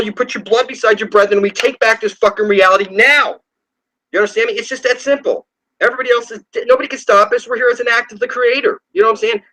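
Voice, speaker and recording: Guy with a high voice ranting into the camera, swearing a lot, gets insistent and jumps up in pitch. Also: fairly bright tone, low-quality recording. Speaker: channel host. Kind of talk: rambling monologue to camera.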